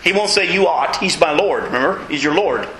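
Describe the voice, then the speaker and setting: A man preaching a sermon in a folksy, emphatic way, with self-mocking humor and sudden high leaps in pitch to stress his points. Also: expressive, fairly quick, reverberant, background noise. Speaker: pastor.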